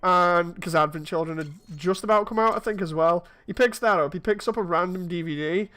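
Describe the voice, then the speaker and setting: A man's voice: high-pitched, a little fast, bright, forceful tone. A man in his thirties, chatting casually and telling rambling stories while streaming a game. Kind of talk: casual chat while playing.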